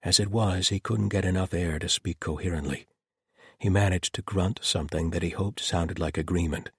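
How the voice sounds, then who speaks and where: A man narrating a fantasy audiobook in a steady storytelling manner. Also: deep voice, normal speed, breathy edge, no room sound, studio quality.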